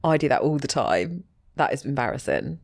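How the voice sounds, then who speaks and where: A woman's voice: very deep voice, very animated, normal speed, creaky. A woman co-hosting a podcast in a casual chat, blunt and teasing. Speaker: podcast co-host.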